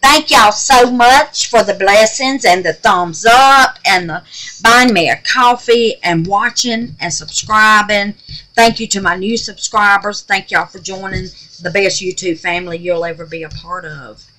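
A woman's voice: mid-range voice, a little slow, bright, forceful tone, rough recording. An older woman hosting a crafting video, chatting to viewers in a rambling, affectionate way, calling them baby and darling and teasing herself for forgetting things. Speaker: crafting channel host. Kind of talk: casual chat to viewers.

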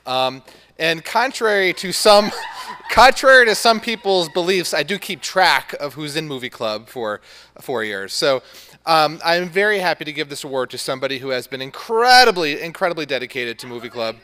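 A man's voice: fairly high pitch, animated, moderate pace, pushed and bright. A man teacher running a school movie club, giving an earnest, heartfelt award speech. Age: adult.

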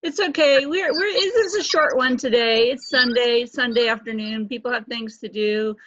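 A woman's voice: a little high, moderate pace, a bit bright. A woman hosting a casual group video chat, encouraging and thanking the others. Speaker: host. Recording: dry, muffled video-call audio.

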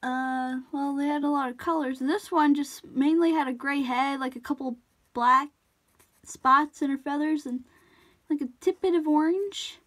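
A drawing tutorial vlogger chats casually as she draws, her high voice a bit bright and at normal speed. She rambles off-topic, apologizes, and cuts herself off.

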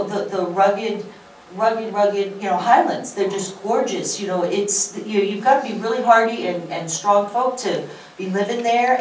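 A woman's voice: mid-range voice, slight background noise. A woman speaking enthusiastically on a panel at a public talk. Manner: enthusiastic, gushing. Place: large room at a public event. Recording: echoey room from far off.

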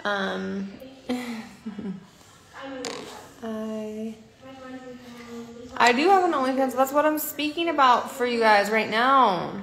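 A woman's voice: fairly high pitch, lively intonation, slow pace, long pauses, crowd noise. Young woman, tired, blunt live-streamer; slightly raised voice, phone mic in a reverberant room. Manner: blunt and offhand, calls viewers darling. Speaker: livestream host. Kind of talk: casual live-stream chat.

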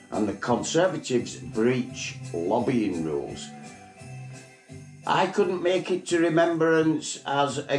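A man putting on a high falsetto voice to play an elderly, crude queen giving a mock-regal, sweary speech. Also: echoey room. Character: elderly queen, plummy and crude, mocking the year.

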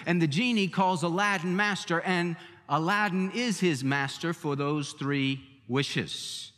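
A man's voice: high-pitched, expressive, unhurried, fairly bright tone, big-room sound. A man preaching a sermon as pastor, emphatic and repeating key phrases for weight.

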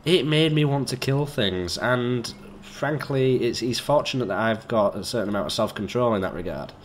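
Chatty man with a lively voice. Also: mid-range voice, normal speed, a little hiss or hum. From Britain. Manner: chatty, joking, swears, talks to himself. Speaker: gamer. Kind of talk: let's play commentary.

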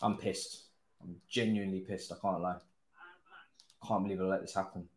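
A young man, commentating his own football game live, groaning, swearing and now and then cheering loudly. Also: low voice, flat delivery, moderate pace, echoey room. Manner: exasperated, groaning and swearing, swinging to loud cheers. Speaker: gaming streamer.

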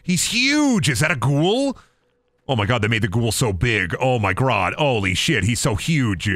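A man streaming a video game, chatting casually and reacting loudly, joking and swearing as he plays. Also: medium pitch, moderate pace, no room sound, studio quality. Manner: excitable, swearing, joking to himself. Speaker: gaming streamer. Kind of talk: casual gameplay commentary.

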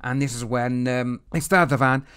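A man casually recapping and reviewing a TV episode, slipping into quick acted-out reactions of the characters. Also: mid-range voice, a bit bright, clear, resonant tone. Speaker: TV series reviewer.

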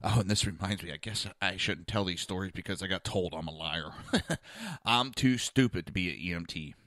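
A man's voice: low voice, fairly quick, dry recording, clean studio sound. A man hosting a talk show, telling a blunt story in a casual monologue and acting out the other people's voices. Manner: blunt, animated, acts out quoted voices.

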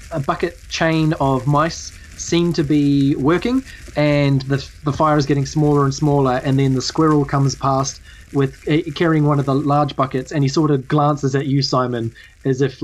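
A woman's voice: rumbling low, darkish tone, poor audio. A woman with a New Zealand accent narrating as game master, hesitant with many fillers.

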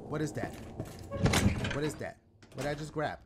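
A man giving excitable, profane let's-play commentary, talking back to game characters and yelping when scared. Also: a little high, moderate pace, loud music behind the voice. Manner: panicky yelps and shouts when scared. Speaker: gaming video host. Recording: loud game audio and clicks behind voice.

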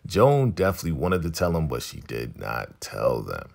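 A man casually recapping a TV episode, retelling scenes and acting out the characters' lines in a lively way. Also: moderate pace, gravelly. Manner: animated retelling, jumps into high voices for quoted characters. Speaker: show recap host.

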